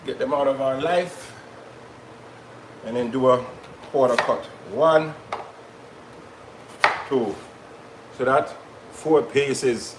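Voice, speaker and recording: A man's voice: medium pitch, takes it slowly, pauses often, reverberant, slight background noise, rough recording. A man hosting a live cooking stream from a kitchen, chatting casually with viewers as he cooks. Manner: chatty, patois-tinged asides to viewers. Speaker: cooking show host.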